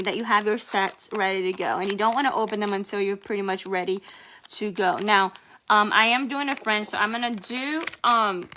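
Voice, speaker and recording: A woman's voice: mid-range voice, pushed and bright, a little hiss or hum. A woman chatting casually through a home nail-care tutorial, rambling a little and filling gaps with "um" and "like". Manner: chatty, rambling with many fillers. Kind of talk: casual how-to demonstration.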